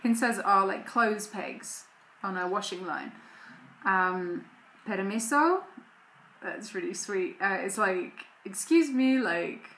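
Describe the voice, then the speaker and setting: A woman's voice: medium pitch, fairly even intonation, slow pace, sharp tone, reverberant, a little hiss or hum. A woman, a mother and vlogger, chatting casually to camera at home in a rambling way. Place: home room.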